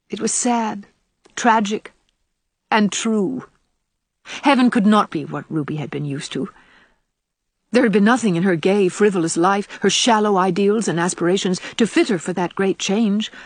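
A woman narrating an audiobook in a measured, even reading. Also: medium pitch, no echo. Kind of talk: scripted narration.

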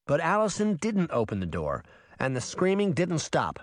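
A narrator reading a fantasy story aloud in an expressive storytelling manner. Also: mid-range voice, normal speed, dry recording, studio quality. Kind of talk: audiobook narration.

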